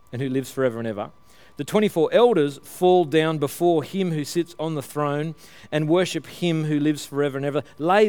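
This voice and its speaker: A man's voice: on the high side, darkish tone, smooth, no echo. A man preaching a conversational sermon, often restarting his phrases and laughing lightly as he explains.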